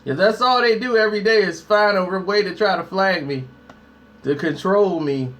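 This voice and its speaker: A man's voice: sits high, moderate pace, fairly bright tone. A man hosting a casual live stream, talking straight to his viewers in a slangy, hyped way. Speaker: YouTube host.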